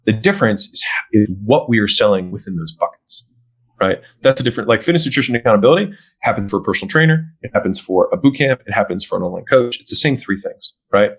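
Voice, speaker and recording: A man as a podcast guest, explaining how he sells fitness programs in casual conversation and often checking in with a quick "right?". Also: lowish voice, lively intonation, rough recording. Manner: acts out sales dialogue, often tags "right?". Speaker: podcast guest, gym business owner.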